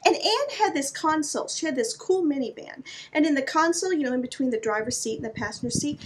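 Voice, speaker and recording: A middle-aged woman with a high, bright-toned voice hosts her own vlog. She tells a personal story in a playful, animated way and throws in quick asides to the viewer. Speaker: vlog host.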